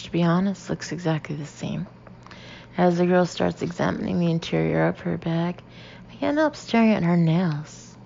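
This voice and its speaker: Female audiobook narrator, low gravelly voice, lively reads, dull lo-fi sound with faint hiss. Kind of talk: first-person audiobook narration.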